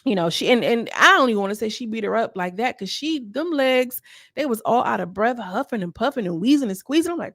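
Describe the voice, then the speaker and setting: A woman's voice: a little high, lively intonation, fairly quick, a bit bright, no room sound, studio quality. A woman giving casual, gossipy commentary as a YouTuber reviewing a reality show. She is chatty and sassy and talks straight to her viewers.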